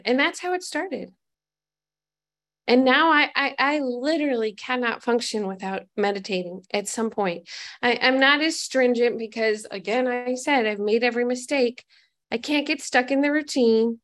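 A woman with a slightly higher voice shares her own recovery story. She talks candidly and pokes fun at herself, now and then turning to ask her listeners questions. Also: normal speed, a bit bright. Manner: candid and self-mocking; conversational, asks the audience questions. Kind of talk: personal recovery testimony.

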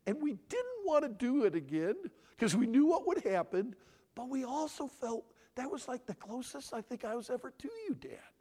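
An older man in his sixties preaches with a lively, sweeping delivery, his voice riding high. He talks emphatically and fires questions straight at the listeners. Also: moderate pace, breathy edge. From Michigan. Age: 60s. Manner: animated, emphatic, asks audience questions. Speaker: conference speaker. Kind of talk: sermon-style teaching.

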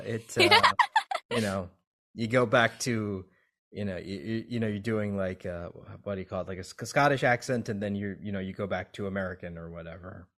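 A man interviewing a voice actor, talking haltingly with many restarts and fillers. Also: on the low side, fairly bright tone. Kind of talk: casual interview chat.

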